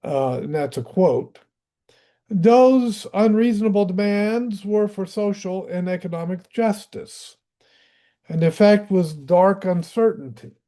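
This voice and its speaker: A high-pitched man with a dark tone, speaking a little slowly, reads a history book aloud for an audiobook. He's from Tennessee, has a Southern US accent, and adds his own casual remarks.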